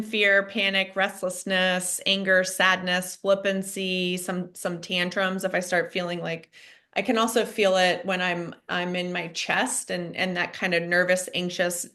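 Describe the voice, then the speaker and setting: A woman's voice: medium pitch, fairly bright tone. A woman guest in an interview who speaks thoughtfully and earnestly, naming feelings one by one. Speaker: guest author. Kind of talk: reflective conversational interview.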